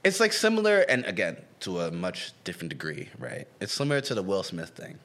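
A man's voice: low voice, a little fast. A young man co-hosting a casual comedic podcast, talking in a loose, slangy way and acting out what other people said. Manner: animated, slangy, acts out quotes. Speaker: podcast co-host. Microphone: camera-facing home recording.

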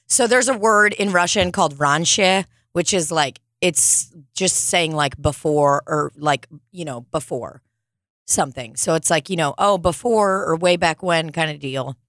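A woman's voice: low-pitched, a little slow, fairly bright tone, no room sound, studio quality. A young woman co-hosting a casual chat, rambling and swearing now and then.

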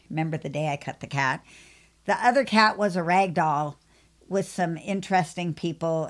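A woman pet groomer who hosts a podcast, telling a long story in a chatty, animated way. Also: fairly low pitch. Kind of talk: casual storytelling.

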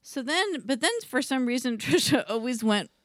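A woman co-hosts a podcast, chatting casually and telling a story packed with "like" and laughter. Her voice sits high with lively intonation at a normal speed, and the recording is dry, clean studio sound.

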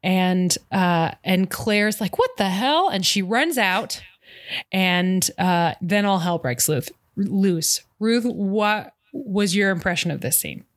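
A woman hosting a casual podcast, recapping a TV episode in a lively storytelling way with quick asides and frequent laughter. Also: medium pitch, no room sound, clean studio sound. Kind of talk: casual chat.

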